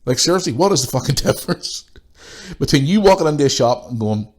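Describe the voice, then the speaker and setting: A man's voice: medium pitch, animated, quick pace. A man hosting a podcast, ranting bluntly and swearing freely while he has a cold. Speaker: podcast host. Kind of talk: casual ranting monologue.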